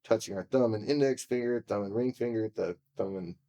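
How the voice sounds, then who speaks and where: Low-voiced man telling a raw story. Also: a little fast, mellow. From California. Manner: raw, profane, re-enacts what people said; emotional and confessional. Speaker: podcast guest. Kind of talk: candid storytelling interview.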